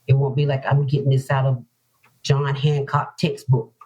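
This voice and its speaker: A woman speaks earnestly and from the heart, with a husky, mellow voice. She often repeats her points, the way people do when telling their own story. The audio is dull and lo-fi, like a home podcast recording. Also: very deep voice, level tone, moderate pace. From North Carolina. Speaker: author guest. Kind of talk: emotional personal interview talk.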